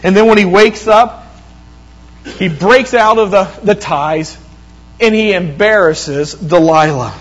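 A man preaching a sermon, retelling a scripture story with lively quoted voices and frequent restarts. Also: high voice, slow pace, muffled recording.

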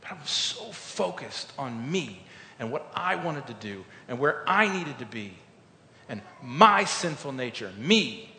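A man's voice: big pitch swings, a little slow. Earnest male pastor preaching in an echoey hall. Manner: earnest storytelling, swings from loud emphasis to quiet reflection. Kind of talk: sermon. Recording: echoey hall with faint rumble.

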